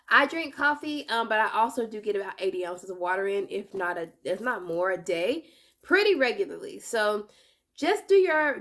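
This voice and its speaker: Chatty woman, fairly high voice. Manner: chatty, animated, self-correcting with playful asides. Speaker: vlogger. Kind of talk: casual advice vlog.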